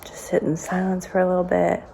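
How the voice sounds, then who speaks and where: Sleepy young woman, low and gravelly. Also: monotone, brisk, slight background noise, rough recording. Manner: hushed, sighing, low-energy. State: just woken up, sore and sleepy. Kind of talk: quiet early-morning vlog talk.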